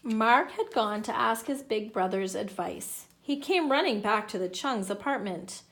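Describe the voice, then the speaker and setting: Lady reading a kids' book, slow and very sing-songy, kinda high. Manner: animated, playful. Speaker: children's book reader. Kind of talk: children's story read-aloud.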